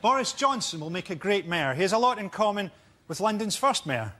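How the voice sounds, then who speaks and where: A man's voice: high-pitched, very animated, brisk, heavy background noise. A man playing a pompous male politician making a solemn speech.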